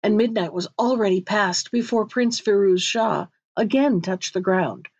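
A woman narrating a fairy tale in a measured, expressive storybook reading. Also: medium pitch, dry recording, lo-fi sound.

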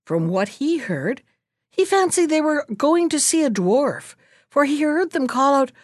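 A woman reading a fairy tale aloud in an expressive storytelling manner. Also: high voice, a little slow, no room sound, clean studio sound. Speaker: reader.

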